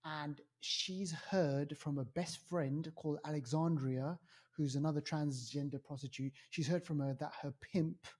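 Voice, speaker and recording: Rambling man, mellow and husky. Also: on the high side, unhurried. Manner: rambling, animated, full of fillers. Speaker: podcast film reviewer. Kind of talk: casual chat. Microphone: podcast mic.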